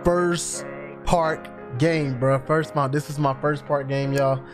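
A man's voice: a little high, fairly even intonation, slow. Hyped man doing gameplay commentary over music. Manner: hyped, chatty, talks straight to viewers. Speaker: gaming YouTuber.

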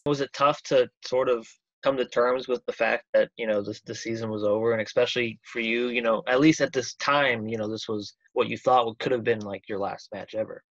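Quick-talking young man on a dull dry call line. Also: mid-range voice, fairly even intonation, dry recording. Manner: hesitant, restarts questions. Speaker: student sports show host. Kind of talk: interview questions over video call. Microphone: video call.

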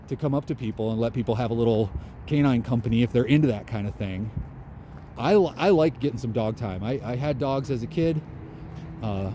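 A man's voice: medium pitch, dark tone, a little hiss or hum. A man vlogging outdoors in a park, musing in a loose, conversational way. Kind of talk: casual outdoor monologue.

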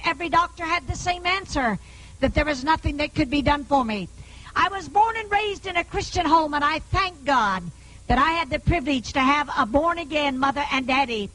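An evangelist tells an audience her healing testimony in a very high, bright, cutting voice. She preaches emphatically, often swelling into shouts, and the recording is low quality.

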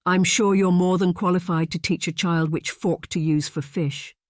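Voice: medium pitch, steady tone, moderate pace, no room sound, studio quality, voice pushed up, lightly acted. A narrator voicing a scheming, encouraging young woman. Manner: encouraging, conspiratorial.

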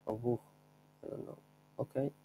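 A man's voice: moderate pace, background noise. A young man giving offhand, rambling commentary over his own gameplay, showing a trick step by step. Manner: offhand, rambling, chuckles at himself. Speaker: gameplay video maker.

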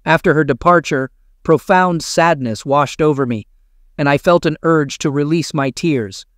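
A man reading a first-person story aloud as a narrator, in a steady, even storytelling manner, on a close mic. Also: a little high, normal speed, dry recording.

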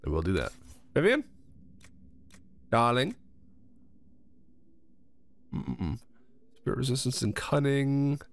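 A man's voice: mid-range voice, big pitch swings, moderate pace, creaky, a little mellow, no echo. A man giving casual let's-play commentary, rambling, swearing freely and talking to himself and the game characters. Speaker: gamer playing a video game.

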